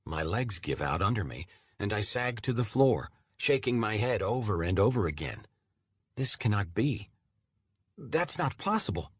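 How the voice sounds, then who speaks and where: Low husky male audiobook narrator. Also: lively intonation, normal speed, dry recording, studio quality. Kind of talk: scripted first-person narration.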